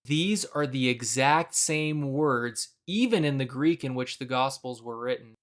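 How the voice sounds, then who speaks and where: A young adult man giving a measured, scripted explainer narration about a Bible passage, now and then acting out quoted lines. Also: mid-range voice. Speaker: Bible video presenter.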